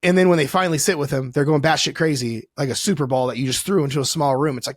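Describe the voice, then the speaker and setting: Male podcast guest, coach type; animated, profane, a bit high-pitched, close dry sound. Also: fast, hardly any pauses, no echo. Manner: animated, swearing, acts out voices. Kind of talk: casual podcast conversation.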